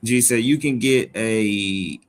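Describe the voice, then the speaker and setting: A man with a fairly low voice hosts a live stream in a loose, conversational way. He is from Georgia and reads chat comments aloud. He jokes and repeats his phrases for emphasis. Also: takes it slowly.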